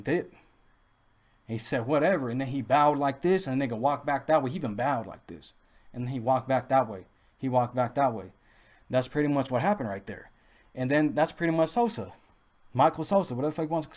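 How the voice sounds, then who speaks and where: A man's voice: mid-range voice, quick pace, darkish tone. A young man, telling rambling stories casually with lots of restarts and street slang. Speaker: podcast host. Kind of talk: casual storytelling.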